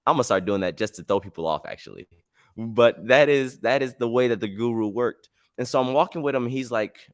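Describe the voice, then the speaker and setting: A man hosting a casual storytelling podcast, telling a travel tale in a slangy, rambling, animated way. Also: medium pitch, fairly quick, dry recording, studio quality. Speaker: podcast host.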